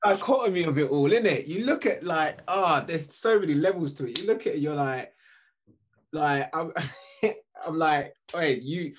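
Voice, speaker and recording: A man in casual chat, animated and excitable. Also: fairly high pitch, normal speed.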